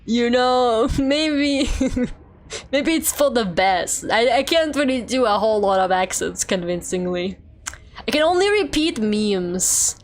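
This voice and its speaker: Taking it slowly, this young Russian streamer speaks in a fairly high, animated voice during casual gameplay chat. She's chatty and rambling, with plenty of fillers and frequent laughter.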